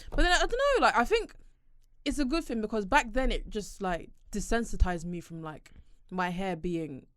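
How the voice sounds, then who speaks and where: A woman chatting casually as a podcast co-host, telling stories in a quick, laughing way. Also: medium pitch, expressive, fairly bright tone, no room sound, studio quality. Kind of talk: casual chat.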